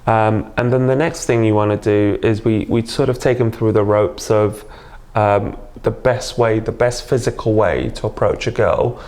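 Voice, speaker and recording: Male guest, low-ish voice, easygoing and earnest, chatty interview. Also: steady tone, moderate pace, few pauses, a little mellow. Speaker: dating coach guest. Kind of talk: casual interview.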